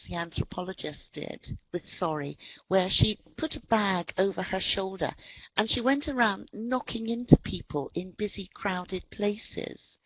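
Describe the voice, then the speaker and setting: A woman's voice: medium pitch, dry recording, rough recording. A middle-aged British woman with a British accent, giving a wry, anecdotal webinar lecture on language with frequent ums. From Britain. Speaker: webinar presenter, English teacher trainer.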